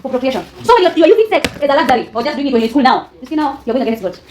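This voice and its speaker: A woman's voice: sits high, very animated, racing, darkish tone, slight background noise. A woman teaching a classroom lesson, often quizzing students with fill-in questions and laughing. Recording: echoey classroom with student chatter.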